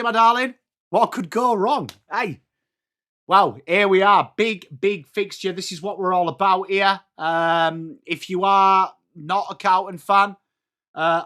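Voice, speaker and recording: An English man hosts a live football watchalong, greeting his chat one name after another. His voice sits high and comes across bright and forceful, with the cheery, running patter of a regular streamer. It is starting to wear a little hoarse. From England. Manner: chatty, upbeat, greeting viewers by name. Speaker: livestream watchalong host.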